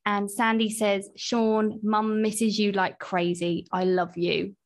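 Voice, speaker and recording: A young woman co-hosting a casual podcast, reading listener messages aloud and chatting warmly, with the odd swear word. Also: mid-range voice, level tone, slow. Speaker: podcast co-host.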